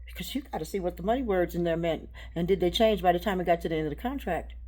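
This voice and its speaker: Woman, low-pitched, rambling spiritual talk; halting, repetitive, shifts between hushed and loud. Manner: halting, repeats words.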